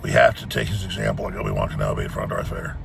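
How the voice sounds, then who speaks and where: A man's voice: a bass voice, rapid-fire, creaky, background noise. A man giving an impassioned, defiant rallying speech, urging listeners to action. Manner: fiery, defiant and exhortative.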